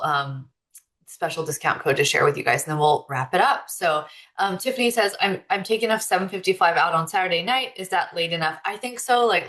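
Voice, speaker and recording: A woman's voice: fairly low pitch, pushed and bright. A woman hosting an online course Q&A, chatty and loose, full of fillers and restarts. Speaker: course host. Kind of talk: casual webinar Q&A.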